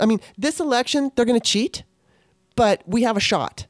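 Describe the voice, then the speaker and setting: Here a podcast host delivers a casual solo monologue, worked up and impassioned, with plenty of swearing. Her voice sits on the high side with lively intonation at a normal speed. It's a dry, studio-quality recording.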